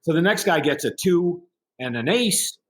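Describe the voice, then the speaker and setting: A man's voice: on the high side, normal speed. A middle-aged man, a podcast guest, telling a story in casual conversation and acting out the other people in it. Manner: animated anecdote-telling with quoted voices.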